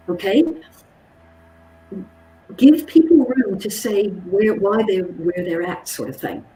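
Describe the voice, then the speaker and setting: A woman and psychologist giving an animated workshop talk, checking in with her listeners and acting out conversations. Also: mid-range voice, recorded from a distance. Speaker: psychologist and communications trainer. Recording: roomy echo with faint background noise.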